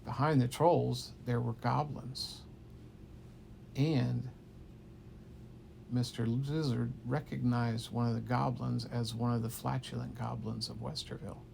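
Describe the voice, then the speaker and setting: A man improvising a bedtime story for a child, animated and playful, at times dropping to a hush. His mid-pitched voice has a gravelly texture. Faint noise sits behind him. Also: measured pace. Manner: animated, playful, drops to hushed tones.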